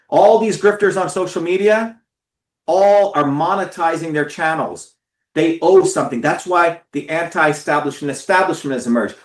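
A man's voice: fairly high pitch, a little fast, roomy sound. A man giving an impassioned, profane talk to his followers, stressing and repeating words. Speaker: political speaker.

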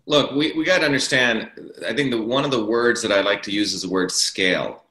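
A man's voice: on the low side, a little fast, bright, forceful tone. A man arguing his political views as an interview guest, emphatic and repeating key words for stress. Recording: roomy echo.

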